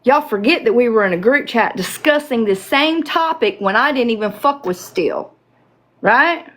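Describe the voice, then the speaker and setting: A woman's voice: on the high side, animated, moderate pace, a bit bright. A woman hosting a livestream, giving heated, profane, emphatic commentary. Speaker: livestream host.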